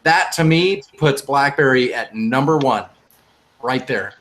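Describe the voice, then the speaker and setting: A man's voice: mid-range voice, animated, measured pace, a bit bright. A man hosting a casual podcast discussion, arguing heatedly and emphatically. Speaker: podcast host.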